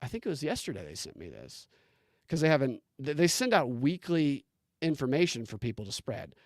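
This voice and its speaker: A man hosting a commentary show, talking in an animated, incredulous way with many restarts as he reads posts aloud. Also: medium pitch, a little fast, no echo, studio quality. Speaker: political commentary show host. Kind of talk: casual on-screen commentary.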